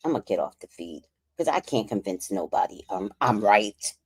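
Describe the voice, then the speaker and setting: Outspoken low-voiced New York woman. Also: normal speed, husky. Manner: outspoken, animated, swears freely. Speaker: livestream commentator. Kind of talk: casual livestream commentary.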